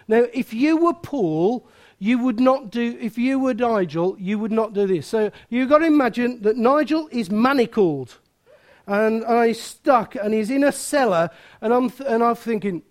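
A man's voice: very high voice, measured pace. A man preaching a sermon, chatty and self-mocking, often asking his listeners questions.

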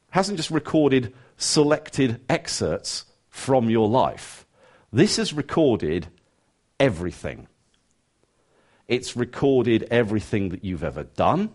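A man preaching a sermon, moving from emphatic rising questions to quiet, earnest asides and acting out his listeners' thoughts. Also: lowish voice. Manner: conversational, acts out listeners' thoughts.

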